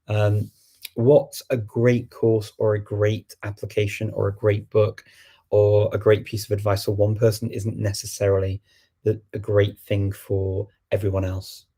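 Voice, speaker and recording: A man's voice: lowish voice, mellow. A middle-aged man hosting a casual livestream Q&A, rambling and thinking aloud with many fillers. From England. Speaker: host. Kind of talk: livestream Q&A chat.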